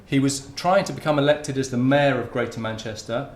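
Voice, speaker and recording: A man's voice: medium pitch, brisk, slight background noise. Guy lecturing at a conference, loose and chatty, keeps restarting sentences, echoey room. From Hertfordshire, England. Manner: informal, with many restarts and fillers. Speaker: university researcher giving a talk. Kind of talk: conference talk. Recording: roomy lecture-room sound.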